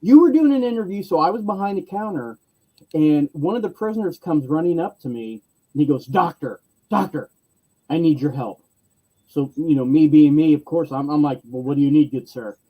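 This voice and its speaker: A man telling a convention story in casual chat, lively, acting out other people's lines in varied voices. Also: a little high, normal speed, dull audio.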